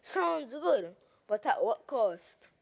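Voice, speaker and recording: A woman's voice: on the high side, big pitch swings, takes it slowly, gravelly. A young woman giving a persuasive formal debate speech as an assembly member in a legislative chamber, posing rhetorical questions.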